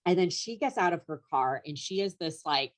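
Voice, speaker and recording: Young woman guest, low voice, rambling story with plenty of "like" and "um", laughs here and there; casual podcast chat. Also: lively intonation, moderate pace. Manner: rambling, filler-heavy, laughs through story. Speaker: comedian guest.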